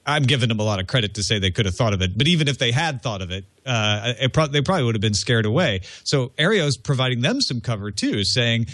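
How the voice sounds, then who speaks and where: A man's voice: medium pitch, expressive, quick pace, hardly any pauses, fairly bright tone, dry recording. Dry-sounding man hosting a tech podcast. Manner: reads news items, then talks loosely with restarts. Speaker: podcast host. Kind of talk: casual tech news discussion.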